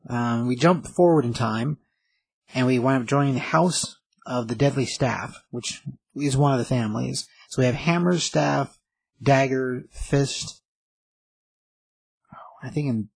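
A man's voice: medium pitch, creaky, breathy edge, no room sound, rough recording. A man casually recapping a comic book story, rambling with lots of fillers and restarts.

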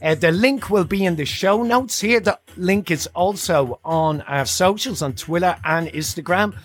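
A man's voice: high-pitched, unhurried, husky, soft background music. A man hosting a podcast in a playful, jokey, upbeat way, with a scripted intro and preview. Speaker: podcast host.

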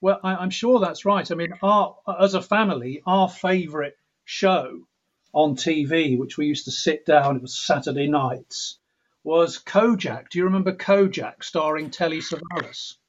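Speaking at a moderate pace in a slightly high voice, a middle-aged composer from England reflects on interview questions, often starting his sentences over. He mimics accents playfully, and the audio is dull and lo-fi.

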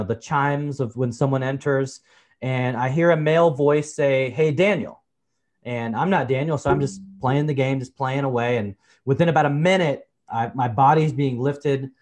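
A man in his forties, a podcast guest, telling personal stories in a relaxed, chatty way, often saying "you know" and calling the host brother. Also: mid-range voice. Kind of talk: personal storytelling in a conversation.

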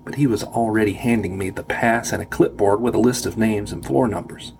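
Low-voiced man narrating a story. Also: a little fast, vocal fry, a little mellow. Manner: wry, self-deprecating. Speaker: audiobook narrator. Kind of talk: first-person scripted narration.

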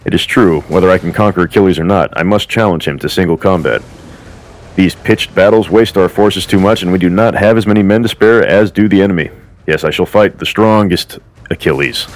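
A man's voice: low voice, close to an everyday voice. A man voicing a boastful male warrior prince who mixes grand formal speech with crude swearing.

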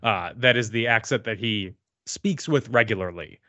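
A man's voice: on the low side, moderate pace, sharp tone, no echo, muffled recording. A man co-hosting a podcast, recapping a movie plot in a dry, sarcastic, casual way. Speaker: podcast co-host. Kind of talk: casual movie review chat. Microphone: remote podcast mic, no camera.

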